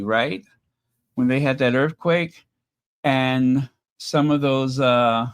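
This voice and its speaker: A man hosting a casual livestream, chatting with viewers in a mocking, rambling way full of pauses and fillers. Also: mid-range voice. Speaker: channel host reading super chats.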